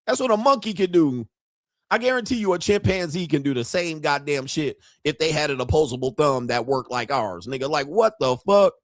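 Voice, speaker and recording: A man's voice: fairly high pitch, dry recording, studio quality. A middle-aged man hosting an online show, ranting in brash, profane and boastful commentary and laughing at his own jokes.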